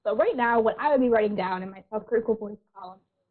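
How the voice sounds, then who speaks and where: A woman counselor giving an online workshop in a gentle, reassuring way, often clearing a tickle from her throat. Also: medium pitch, quick pace. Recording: tinny phone-like audio.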